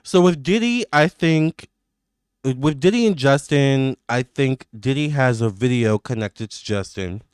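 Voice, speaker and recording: A man with a smooth, resonant mid-pitched voice talks through a tarot reading for his audience. He rambles, restarts his sentences and leans on fillers, sounding emphatic and indignant. The sound is dry and close. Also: unhurried, dry recording. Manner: rambling, filler-heavy talk with many restarts. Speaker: tarot reader. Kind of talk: casual psychic tarot reading to camera.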